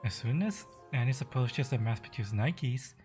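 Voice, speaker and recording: A woman putting on a soft, lower voice to read a calm game character and narration. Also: slightly rough, soft background music, heavily acted. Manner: soft, measured reading of game dialogue.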